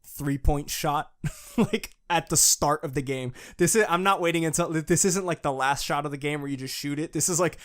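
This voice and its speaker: A young man co-hosting a casual fan podcast, excitable, laughing often and swearing as he recaps. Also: fairly high pitch, moderate pace. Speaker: podcast co-host.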